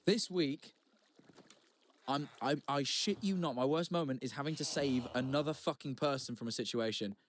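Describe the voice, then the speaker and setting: A man's voice: medium pitch, normal speed, slight background noise. A man co-hosting a podcast, telling a story in casual chat, swearing freely with rambling asides and restarts. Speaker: podcast co-host.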